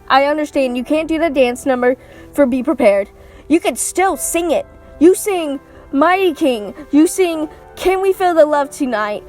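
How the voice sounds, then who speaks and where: A woman with a high-pitched, slightly mellow voice rants her way through a casual movie review on her vlog. She's sarcastic, swears, and acts out the characters' lines.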